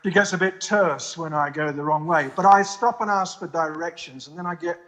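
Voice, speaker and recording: A man from the United States calling into a live show, talking in a wry, self-deprecating, halting way. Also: on the high side, background noise. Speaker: guest on phone. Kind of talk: casual call-in chat.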